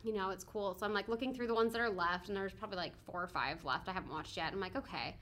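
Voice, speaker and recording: A woman co-hosting a podcast talks at a racing speed in a medium-pitched, slightly bright voice. She chats casually, telling a rambling story packed with laughter and filler words.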